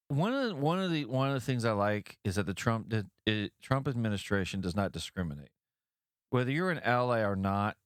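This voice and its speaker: A man's voice: lowish voice, clean tone, dry recording, clean studio sound. A man hosting a podcast, giving blunt, profane opinion commentary on news stories and ranting with mock voices for the people he criticizes. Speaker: podcast host.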